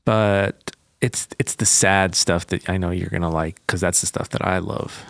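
A man's voice: sits low, fairly even intonation, moderate pace, vocal fry, a bit bright, dry recording, clean studio sound. A man co-hosting a music podcast, chatting loosely and laughing easily. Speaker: podcast co-host. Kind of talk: casual chat.

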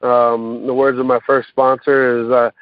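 Male speaker, mid-pitched, halting personal share; phone-line audio, dry. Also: level tone, no room sound. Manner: halting, many fillers and restarts. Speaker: recovery meeting speaker. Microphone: phone call.

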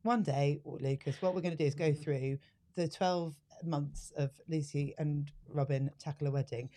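A woman's voice: low-pitched, steady tone, normal speed, mellow. A British woman co-hosting a podcast in casual chat, wry and teasing. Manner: wry, teasing, reads lists aloud. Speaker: podcast co-host.

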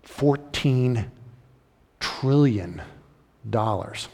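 A man preaching a sermon, animated and acting out the voices of the story's characters. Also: mid-range voice, extremely slow, in a large hall. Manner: animated, acts out the crowd and king in raised voices. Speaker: pastor.

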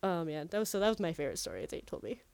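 A woman's voice: fairly low pitch, big pitch swings, very fast, creaky, darkish tone, clear, resonant tone, no room sound. A woman co-hosting a podcast, telling a story in casual chat and leaning heavily on "like". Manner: chatty storyteller, heavy use of "like". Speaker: podcast co-host.

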